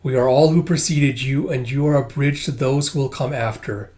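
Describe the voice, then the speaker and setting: A dying old noblewoman, imperious and contemptuous toward her young replacement, read by a man in his everyday voice. The tone is haughty and cold, with no change in his usual middle pitch. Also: moderate pace, warm tone, lightly acted. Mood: menacing.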